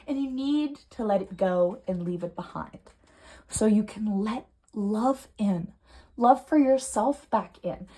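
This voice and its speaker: A young adult woman giving a pick-a-card tarot reading at home, earnest and emotional, swinging from soft to heated. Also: mid-range voice, slow pace. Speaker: tarot reader. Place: home room.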